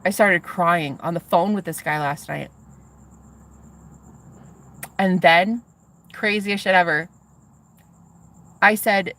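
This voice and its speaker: A woman telling a story to her viewers in a casual vlog, excitable and swearing freely as she talks straight to them. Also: fairly low pitch, takes it slowly, long pauses. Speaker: vlogger.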